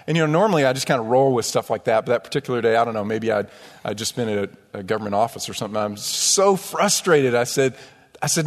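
A male pastor delivers a sermon in a church, his voice trailing off into a long hall reverb. He preaches in a storytelling, emphatic way at a middling pitch, often checking in with the congregation through quick rhetorical asides. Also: lively intonation. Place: church sanctuary.

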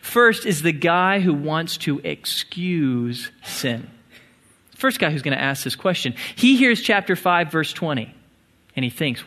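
A male pastor with a fairly high voice delivers a sermon. He explains earnestly and leans on key points with emphasis. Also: sing-song, unhurried, bright, forceful tone.

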